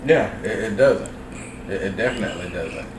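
Low-voiced guy on a podcast, blunt and swearing, echoey room, kinda far off the mic. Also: lively intonation. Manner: blunt, profane, drawn-out phrasing. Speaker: podcast co-host. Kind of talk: casual chat. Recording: roomy, distant mic with background noise.

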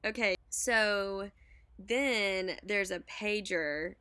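A young woman with a bright, forward voice carries on an improvised comic story, chatty and stopping on fillers. Her pitch is middling. The recording is dry and close. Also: extremely slow, no room sound. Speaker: co-host.

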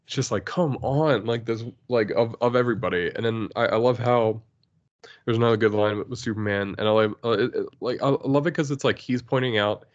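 A man's voice: lowish voice, muffled recording. A man chatting as a podcast co-host, hesitant and searching for words with many fillers. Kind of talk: casual comic book discussion.

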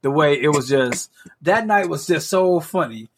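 A man's voice: on the high side, animated, normal speed, a little hiss or hum. A man co-hosting a podcast, telling stories in casual chat with lots of profanity and mimicry of people he met. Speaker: podcast co-host.

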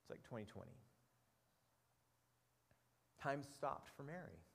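Animated male preacher in an echoey hall. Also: medium pitch, measured pace, gravelly. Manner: animated storytelling with many repeated words. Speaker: pastor. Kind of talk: sermon.

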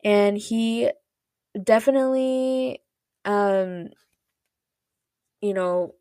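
A woman podcast host recaps a show's plot casually, rambling with lots of fillers like "like" and "you know" and retelling scenes with quoted dialogue. Her mid-range voice is very slow and dark in tone, captured in clean studio sound with no echo.

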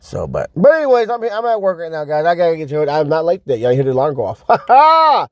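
A social media creator vlogs from his car on the road, delivering a rambling, profane, frustrated rant about his videos. His voice is fairly high and sing-song, very fast, with a dark tone and no echo. Faint car noise sits in the background.

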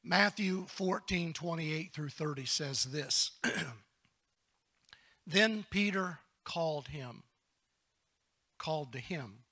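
High, bright-voiced preaching pastor. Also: male voice, takes it slowly, pauses often. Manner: preaching with call-and-response, swings from hushed to shouting. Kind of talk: sermon.

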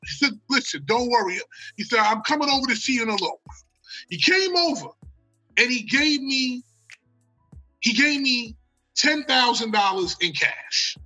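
An American man telling a long story in casual talk. He is animated and profane, and he acts out the quotes. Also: very high voice, breathy edge, rough recording. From United States. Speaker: guest storyteller.

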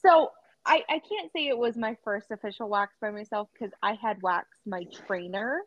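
A young woman telling a work story on a podcast, animated, laughing and acting out quotes with lots of fillers. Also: medium pitch, normal speed, dry recording. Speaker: podcast co-host. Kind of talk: casual storytelling chat. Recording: slightly dull dry sound.

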